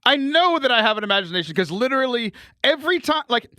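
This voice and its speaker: A man co-hosting a chatty podcast, joking at his own expense with quick laughs and talking through bronchitis. His voice sits high and swings widely, bright and tense in tone. The sound is dry and close. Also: sing-song, dry recording. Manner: jokey, self-deprecating, quick laughs. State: has bronchitis. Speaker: podcast host. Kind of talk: casual chat.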